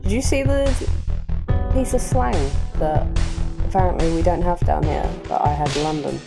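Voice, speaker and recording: A woman's voice: low-pitched, very animated, normal speed, gravelly. A woman co-hosting a casual live stream, playful and teasing, joking with the host and reading out chat. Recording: loud music under the voice.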